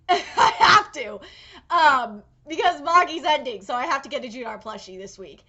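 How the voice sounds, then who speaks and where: A young woman giving excited live reaction commentary on an anime episode, gushing and swearing freely with squealing outbursts. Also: high voice, normal speed, highs cut off.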